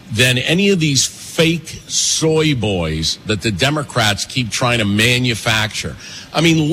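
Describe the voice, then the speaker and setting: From a pastry shop and cafe, a man hosts a political commentary show in a bright, forceful, mid-range voice that swoops up and down. Animated and emphatic, he talks fast and drives points home with quick repetitions, over faint background noise.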